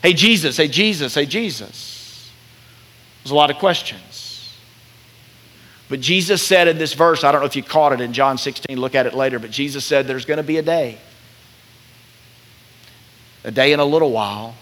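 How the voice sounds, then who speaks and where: In a mid-range voice, a pastor preaches with animation whenever he acts out quoted speech. He drops to a gentle, slow pace for tender moments.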